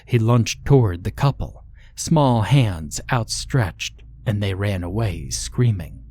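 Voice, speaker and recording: A man reading a horror story aloud in slow, measured scripted narration. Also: on the low side, expressive, a little mellow.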